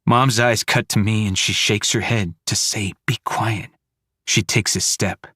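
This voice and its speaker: A man narrating a first-person horror audiobook in clipped, fragmented, hushed sentences. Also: lowish voice, steady tone, moderate pace, husky, dry recording, clean studio sound.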